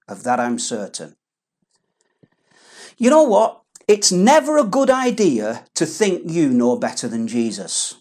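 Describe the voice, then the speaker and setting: A woman's voice: low voice, darkish tone. A woman preaching an earnest, emphatic sermon with pleading repetitions.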